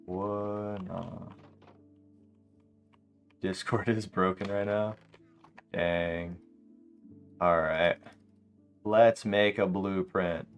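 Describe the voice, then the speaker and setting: A young man streaming a game late at night, chatting casually to his viewers and telling animated, slangy stories. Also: deep voice, drawn-out words, long pauses, soft background music. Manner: animated storytelling, slangy, laughs often. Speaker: live streamer. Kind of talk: casual livestream chat while gaming.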